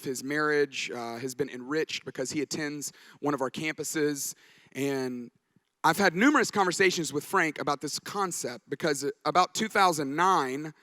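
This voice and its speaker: Bright-voiced pastor telling stories. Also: male voice, fairly high pitch, no echo. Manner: anecdotal, joking storyteller. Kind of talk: conference talk. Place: conference stage.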